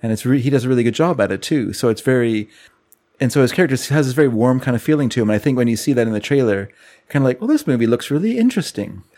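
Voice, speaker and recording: A man's voice: medium pitch, a little mellow. A man co-hosting a podcast in casual chat, easygoing and agreeable. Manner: easygoing, agreeable, quick to laugh. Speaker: podcast co-host.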